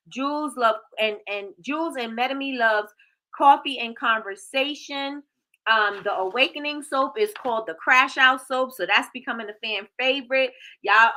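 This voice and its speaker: Chatty bright-voiced woman livestream host. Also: medium pitch. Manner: chatty, reads viewer comments aloud, lively. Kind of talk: casual livestream chat.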